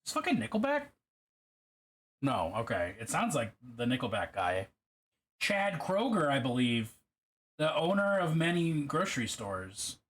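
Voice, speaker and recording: A man streaming casually as he paints a miniature, rambling and self-deprecating, with halting restarts. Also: mid-range voice, huge pitch swings, a bit bright.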